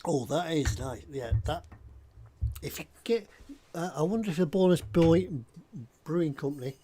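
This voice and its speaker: A man with a voice pitched a little above the usual chats away while he works at his hobby bench. His talk is loose and rambling, full of small jokes and side tangents. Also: moderate pace, mellow. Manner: rambling and jokey, drifts off topic. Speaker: scale model builder. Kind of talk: casual chat while working on a model. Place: hobby workbench indoors.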